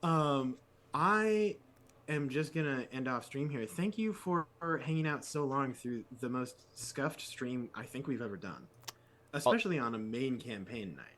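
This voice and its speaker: A man co-hosting a tabletop game podcast in casual chat, telling an exasperated story with big jumps in pitch. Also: expressive, a little slow, fairly bright tone. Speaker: podcast co-host.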